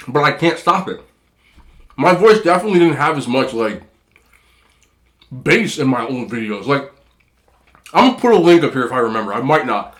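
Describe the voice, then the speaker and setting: Here a man with a medium-pitched, fairly bright, slightly nasal voice hosts a laid-back mukbang. As a food vlogger, he's chatty and rambling, squeezing in remarks between bites while he eats on camera.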